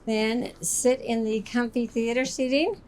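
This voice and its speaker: A woman's voice: on the high side, fairly even intonation, measured pace, darkish tone, a little hiss or hum. A woman presenting a walk-through tour inside a motorhome, upbeat and chatty like an enthusiastic salesperson. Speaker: RV sales expert giving a tour.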